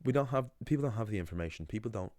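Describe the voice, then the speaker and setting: Young man, low register, loose conversational to-camera delivery full of ums, dry recording. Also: lively intonation, racing, darkish tone, dry recording. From Ireland. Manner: rambling, conversational, many fillers and restarts. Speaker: language channel host. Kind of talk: casual talking-head monologue.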